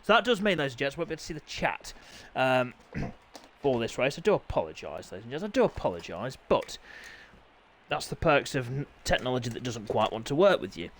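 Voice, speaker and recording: A young man hosting a sim racing league stream in casual, chatty, self-deprecating livestream talk, often clearing his throat. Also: mid-range voice, sing-song, brisk, fairly bright tone.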